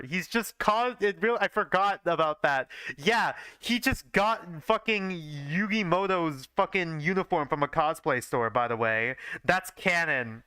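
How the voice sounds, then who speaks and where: Lively bright-voiced young man reading aloud. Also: fairly high pitch, normal speed, few pauses, smooth, dry recording. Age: young adult. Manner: breaks off to mock his own writing, swearing and laughing; stumbles and restarts over lines. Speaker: streamer reading his own fanfiction. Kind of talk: live reading with offhand commentary.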